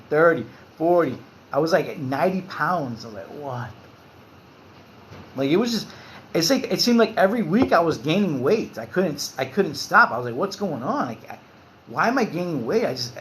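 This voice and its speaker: Man, forties, livestream host, casual and candid, fairly high voice, faint background noise. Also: big pitch swings, a little fast, fairly bright tone. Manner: loose and candid, swearing, reading out chat comments.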